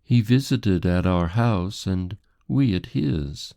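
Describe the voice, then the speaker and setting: A haughty society lady in an audiobook, prim and defensive, her voice lifted well above the deep gravelly tone of the man reading her. She speaks formally and with indignation. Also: animated, slow pace, warm tone, dry recording, studio quality, full character voice.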